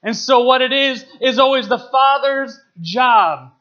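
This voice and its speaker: A man's voice: extremely high pitch, unhurried, bright, forceful tone, muffled recording. A young man speaking as a guest in a church service, playful and emotional, laughing as he talks. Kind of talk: jokey church talk.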